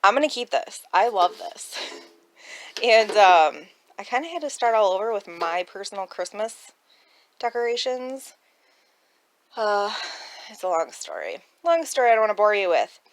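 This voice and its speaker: A woman's voice: mid-range voice, sing-song, moderate pace. Chatty woman showing off a thrift haul. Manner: chatty, rambling, laughs often. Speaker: thrift reseller vlogger. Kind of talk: casual haul chat. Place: at home indoors.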